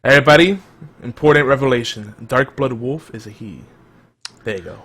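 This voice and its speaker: A man's voice: medium pitch, a little fast, fairly bright tone. A man hosting a podcast, chatting casually and laughing often, with lots of restarts as he reads the live chat. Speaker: podcast host.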